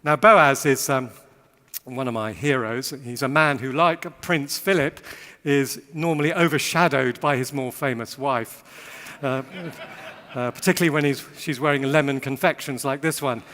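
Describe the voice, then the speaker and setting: A man's voice: medium pitch, normal speed, sharp tone. A man giving a witty, rhythmic sermon talk to a live audience, repeating phrases for emphasis. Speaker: speaker giving a Bible talk. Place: large hall with long reverb. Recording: voice echoing in a large hall.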